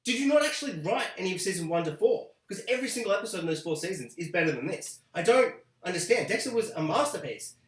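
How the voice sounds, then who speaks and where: Brief: young man, sarcastic rant host, high voice, echoey room. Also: fast talker, hardly any pauses. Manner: sarcastic, animated, mocking quoted voices. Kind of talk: ranting video review.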